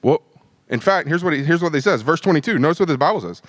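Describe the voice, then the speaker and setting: A man leading a midweek Bible study, conversational and animated, acting out the disciples' lines. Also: a little high, quick pace, no room sound.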